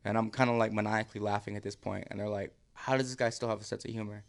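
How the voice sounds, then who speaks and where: Animated man telling a story. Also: fairly low pitch, fast, vocal fry. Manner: animated storyteller, acts out quotes, laughs often. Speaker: podcast guest. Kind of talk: casual storytelling.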